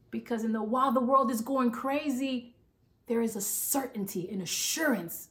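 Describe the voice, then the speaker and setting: A woman pastor preaches a sermon with fervent, repetitive emphasis, urging her listeners over and over to listen, and she gets so carried away she runs short of breath. Her voice is a little high and fairly bright, at a normal speed.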